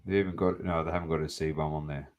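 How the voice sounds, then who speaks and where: A man's voice: extremely low pitch, fairly even intonation, fast talker, dull audio. An Australian man co-hosting a sports podcast, chatting casually in blunt, sweary slang. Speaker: podcast co-host.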